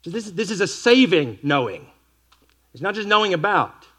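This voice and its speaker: Male preacher, slightly higher voice; weighty scripture reading, dry asides. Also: sing-song, sharp tone. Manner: reads scripture slowly and with weight, wry asides. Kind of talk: expository sermon.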